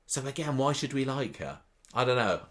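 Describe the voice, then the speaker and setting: A man's voice: medium pitch, very animated, moderate pace, fairly bright tone. A man co-hosting a podcast, recapping episodes with sarcastic asides in a casual chat. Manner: sarcastic, mimics characters in quotes. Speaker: podcast co-host.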